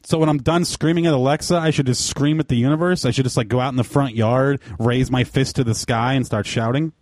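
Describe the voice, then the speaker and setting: A man's voice: mid-range voice, fairly even intonation, brisk, a little mellow, no echo, clean studio sound. A man telling a rambling, profane story in casual podcast chat, mocking himself.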